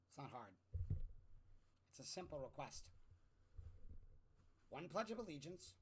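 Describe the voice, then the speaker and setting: A young man ranting through an exasperated political commentary, jumping from loud outbursts to low muttering. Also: lively intonation, measured pace, pauses often, slightly rough. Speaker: commentary vlogger. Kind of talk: opinionated political rant.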